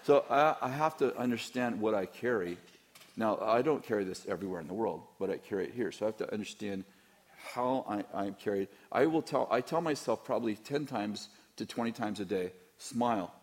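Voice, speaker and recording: Pitched fairly low and moving a little quickly, a middle-aged pastor fields questions from his church openly. His replies ramble with playful teasing and plenty of false starts.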